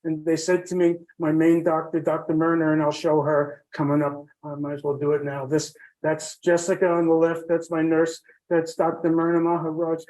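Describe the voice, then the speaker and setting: Halting, heartfelt man telling his story. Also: on the high side, monotone, a little mellow, low-quality recording. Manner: halting, many fillers and restarts, heartfelt. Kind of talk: rambling personal storytelling.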